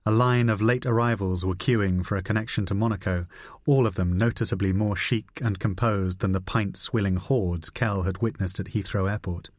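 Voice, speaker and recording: A man reading a spy novel aloud in a measured, dry narration. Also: on the low side, steady tone, no room sound. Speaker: audiobook narrator. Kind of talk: scripted narration.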